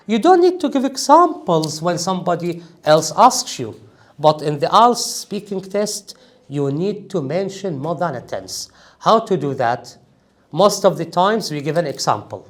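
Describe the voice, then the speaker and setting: A high-pitched man in his forties lectures a class in English with an Iraqi Arabic accent. His delivery is lively and swings up and down as he stresses key points. He keeps checking in with the room as he explains the exam. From Iraq. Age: 40s. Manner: emphatic, checks in with "okay?" and "is that clear?". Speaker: IELTS trainer.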